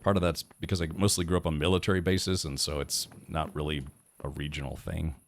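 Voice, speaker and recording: Speaking fairly quickly in an extremely low voice with a level tone, an American man livestreams his gameplay. He chats loosely, thinking aloud with many fillers and restarts, and reads chat and quest text out loud.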